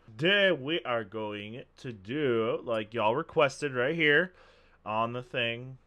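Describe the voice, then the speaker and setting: A man hosting excited gameplay commentary, yelling and laughing at the plays. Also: mid-range voice, slow pace, highs cut off. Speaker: gaming channel host.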